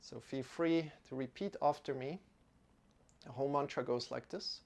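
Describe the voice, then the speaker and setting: A man guiding a yoga class, giving gentle and unhurried instructions with soft asides. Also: medium pitch, vocal fry. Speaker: yoga teacher.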